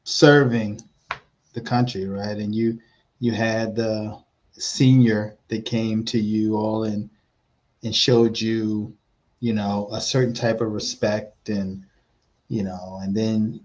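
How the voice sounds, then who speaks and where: A male podcast host asks his guest a long, winding question, padded with fillers. His voice is low and flat, he speaks slowly, and the sound is dull and lo-fi. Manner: thoughtful, rambling questions with many fillers. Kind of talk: interview questions.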